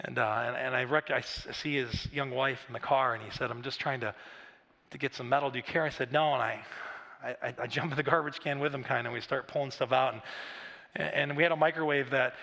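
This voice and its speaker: A man's voice: mid-range voice, steady tone, quick pace, sharp tone, long reverb tail. A middle-aged man preaching a sermon in a conversational, storytelling way with frequent restarts and asides. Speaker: pastor. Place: large church auditorium.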